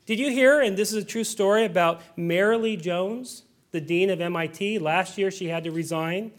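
A man with a strikingly high voice preaches a sermon. He delivers it earnestly and breaks in now and then with light joking asides. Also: normal speed. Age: adult. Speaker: pastor.

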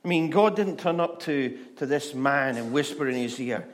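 A man's voice: medium pitch, lively intonation, normal speed, hardly any pauses. A male pastor giving a conversational, humorous sermon, often stammering and restarting.

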